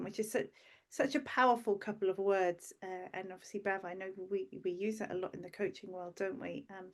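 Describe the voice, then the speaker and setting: Host: woman, enthusiastic, quick restarts, medium pitch. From United Kingdom. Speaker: podcast co-host, dentist and coach. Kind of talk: interview chat.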